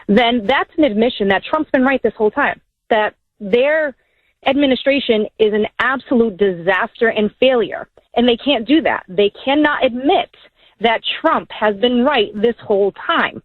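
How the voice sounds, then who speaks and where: A woman's voice: on the high side, normal speed, no room sound. A woman calling in to a political talk radio show, speaking bluntly and indignantly. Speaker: caller. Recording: tinny phone line.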